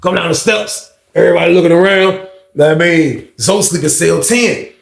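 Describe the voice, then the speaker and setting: A man telling a story casually, with an animated delivery that swings from loud bursts to hushed, low tones. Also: brisk, creaky. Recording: roomy echo.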